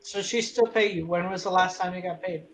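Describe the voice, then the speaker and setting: A man's voice: high voice, fairly even intonation, a little fast, a bit bright, low-quality recording. A man playing a tabletop game, speaking in a dry, matter-of-fact way. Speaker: player. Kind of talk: casual chat at a game table.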